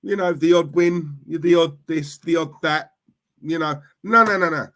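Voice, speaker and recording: A middle-aged man, a football fan and streamer, rants on a livestream while reading and answering chat. His voice is a little high, unhurried and slightly bright, and he's fired-up and repetitive, tacking "yeah? right?" onto nearly everything.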